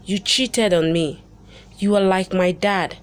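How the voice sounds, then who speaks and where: A woman's voice: mid-range voice, slow, clear, resonant tone, natural voice. A woman reading the lines of a hurt, angry young wife in an accusing tone.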